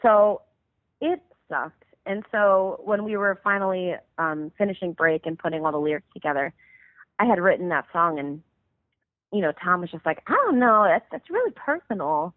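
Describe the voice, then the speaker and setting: A woman's voice: on the low side, normal speed, dry recording. A woman in her thirties, a musician guest, telling a long story casually over the phone, full of "like" and fillers. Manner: rambling, filler-heavy, lots of "like". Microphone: phone call. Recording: tinny phone line, dry.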